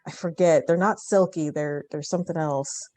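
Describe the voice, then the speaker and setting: Player, female, mid-pitched, chatty, dry close sound. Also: steady tone, moderate pace, mellow, no room sound, soft background music. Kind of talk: tabletop game chat.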